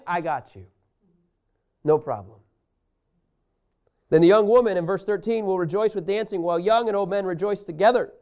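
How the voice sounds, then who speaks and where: Man, bible teacher, clear resonant voice, somewhat high, emphatic, talks to listeners. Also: moderate pace, pauses often. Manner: animated, emphatic, addresses listeners directly. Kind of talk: Bible lesson reading and explaining scripture.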